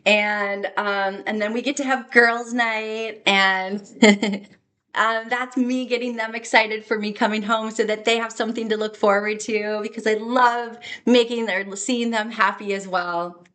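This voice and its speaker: Excitable rambling woman vlogger. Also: on the high side. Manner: excitable, rambling, laughs and tears up. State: tearful at times. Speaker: spiritual vlogger. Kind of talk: emotional personal vlog.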